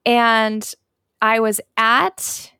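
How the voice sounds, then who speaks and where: A woman's voice: on the high side, little pitch movement, drawn-out words, sharp tone, clear, resonant tone, no room sound, studio quality. A middle-aged woman, an author and pastor, earnestly telling a personal faith story as a podcast guest, acting out quoted voices.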